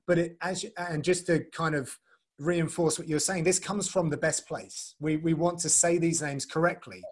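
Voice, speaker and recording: A man hosting a relaxed conversation who rambles, restarts his sentences and laughs easily. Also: on the high side, moderate pace. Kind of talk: casual chat.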